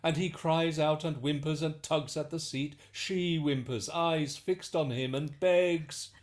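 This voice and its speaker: A man's voice: on the high side, steady tone, a little slow. A man narrating a verse epic with vivid, rhythmic delivery.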